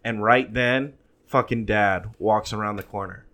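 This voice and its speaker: A man's voice: lowish voice, steady tone, unhurried, pushed and bright. A man in his thirties telling a long, profane story in casual chat, with frequent restarts.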